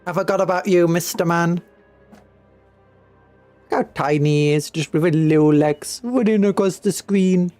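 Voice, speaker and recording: A woman's voice: fairly low pitch, normal speed, pauses often, dark tone, no room sound, soft background music. A woman from Britain streaming a strategy game, chatting playfully and humming to herself.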